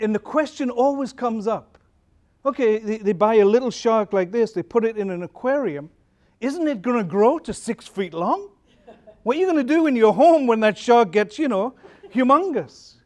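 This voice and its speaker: High-voiced man giving a conference talk. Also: darkish tone. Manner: conversational, storytelling, asks the audience questions. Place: conference hall.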